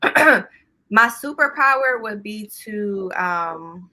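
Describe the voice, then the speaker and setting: A woman's voice: mid-range voice, expressive, very slow, bright, forceful tone, a little hiss or hum, poor audio. A woman chatting casually as a guest, laid-back and slangy, drawing out her words. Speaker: actress, writer and director as guest. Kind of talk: casual chat.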